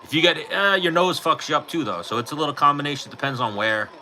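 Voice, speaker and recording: On his livestream, a middle-aged man swaps quick, lively stories, voicing each character and swearing without restraint. His voice is very bright and sharp, fairly high-pitched, and fast. The low-quality recording comes through his personal mic with a light background hiss.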